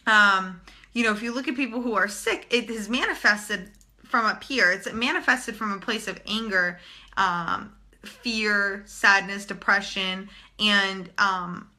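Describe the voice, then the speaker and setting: A woman's voice: mid-range voice, a little slow, bright, forceful tone. A young woman talking casually and bluntly to viewers in a live stream, swearing freely as a spiritual channeler.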